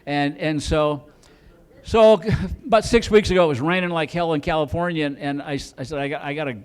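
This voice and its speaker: A higher-pitched man telling stand-up stories on a comedy club stage. He rambles loosely and keeps restarting with "and, and" before each punchline. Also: normal speed, smooth. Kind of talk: stand-up storytelling.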